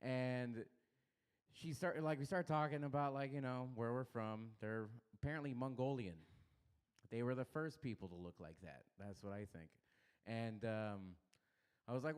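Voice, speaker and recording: A man's voice: mid-range voice, normal speed, clean tone. A young man doing a rambling, self-deprecating stand-up set in a small comedy club. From Los Angeles area.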